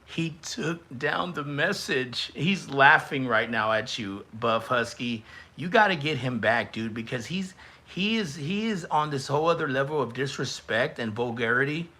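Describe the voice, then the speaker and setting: Excitable young man roasting on a live stream. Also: medium pitch, normal speed. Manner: excitable, teasing, shouts and stretches words at big moments. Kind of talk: casual live-stream commentary.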